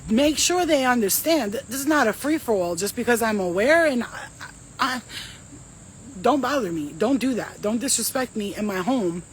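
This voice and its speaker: A woman's voice: on the high side, normal speed, slight background noise, poor audio. A woman, a psychic medium and host, telling a story to a live audience in casual, streetwise slang, with lots of swearing. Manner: animated, profane, streetwise slang.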